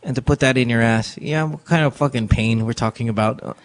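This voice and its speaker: A man's voice: mid-range voice, fast. A man co-hosting a late-night advice show, joking crudely and swearing freely. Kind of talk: casual, profane banter.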